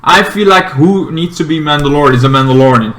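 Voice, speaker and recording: A man reviewing a TV episode in a casual, rambling way, full of fillers and restarts, sometimes bursting into loud acted-out lines from the characters. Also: a little high, a little fast, slight background noise. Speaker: TV show reviewer.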